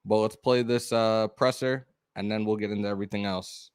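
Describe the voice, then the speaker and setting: A man hosting a live sports podcast, talking loud and excited with plenty of swearing. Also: on the low side, fairly quick, clean tone, no echo. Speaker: podcast host. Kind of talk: casual live-stream chat.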